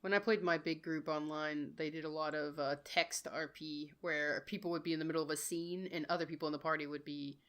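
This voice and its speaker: A woman's voice: low-pitched, steady tone, fairly quick, few pauses, fairly bright tone. A woman hosting a casual podcast chat about tabletop games, leading the talk with questions. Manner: enthusiastic, leads the discussion with questions. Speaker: podcast host and dungeon master.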